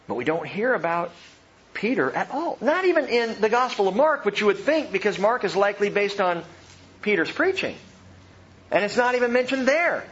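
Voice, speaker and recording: A man preaching a sermon, animated, swinging from loud emphatic lines to soft hushed ones. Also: high voice, highs cut off, slight background noise. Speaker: pastor.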